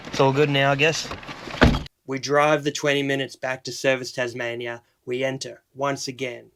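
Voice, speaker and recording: A man's voice: medium pitch, moderate pace, heavy background noise. A young Australian man casually telling a story on his vlog, acting out the lines of the people he met. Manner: animated, retells dialogue in quotes. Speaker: vlogger.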